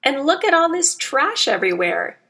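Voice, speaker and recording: A woman reading aloud as a picky, adventurous young trout from a storybook, fretting and exclaiming over every stream she tries. The voice is bright and clear and swings widely in pitch. It stays lively as she judges each habitat. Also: moderate pace, exaggerated voice. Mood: disgusted. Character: adventurous female steelhead trout, fussy about water.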